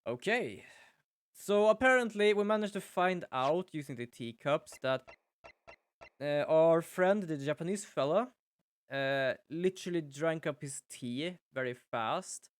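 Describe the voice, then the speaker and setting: A man's voice: on the high side, lively intonation, unhurried, clean tone. A young man casually commenting on his gameplay while streaming, chatty, rambling and self-deprecating.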